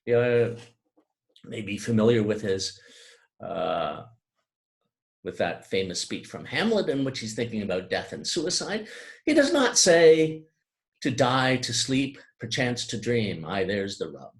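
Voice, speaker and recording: A man giving a thoughtful lecture on poetry, slowing down and turning grave whenever he reads lines of verse aloud. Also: mid-range voice, big pitch swings.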